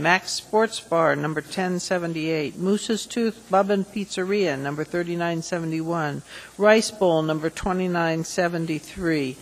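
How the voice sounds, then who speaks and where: Woman, assembly chair, brisk formal reading, public meeting chamber. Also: on the low side, poor audio. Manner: brisk, reads long lists aloud.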